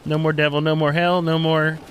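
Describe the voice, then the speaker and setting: A man's voice: on the high side, level tone, brisk, a little hiss or hum. Goofy questioning male player. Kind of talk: casual tabletop banter.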